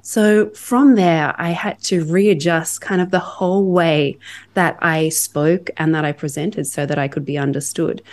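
An Australian woman, a podcast guest, telling lively stories of her work and acting out her own reactions. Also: low voice, unhurried. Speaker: guest, sales enablement leader. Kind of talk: storytelling in a podcast interview.

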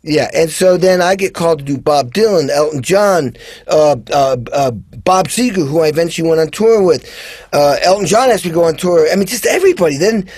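A man's voice: a little high, animated, a little fast, darkish tone, slightly rough, dry recording. A man as a guest drummer, telling stories in casual chat and animatedly acting out the voices of people he quotes. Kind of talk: casual storytelling.

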